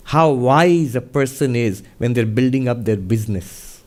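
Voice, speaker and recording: A man, a monk and minister, answering a question in a measured, conversational talk with storytelling. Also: mid-range voice, darkish tone.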